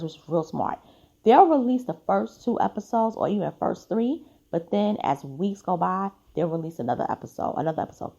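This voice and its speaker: A woman's voice: on the low side, creaky, darkish tone, husky, dull audio. A woman hosting her own podcast, giving blunt, chatty opinions full of "like" fillers, sounding tired. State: tired, yawning. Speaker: podcast host. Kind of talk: casual opinion commentary.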